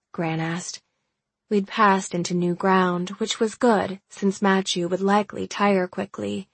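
Gravelly-voiced woman narrating fiction. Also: medium pitch, flat delivery, unhurried, dry recording. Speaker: audiobook narrator. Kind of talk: first-person fiction narration.

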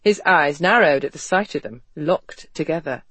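An audiobook narrator giving an expressive, measured reading of a romance novel. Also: mid-range voice, husky, no echo. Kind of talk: scripted narration.

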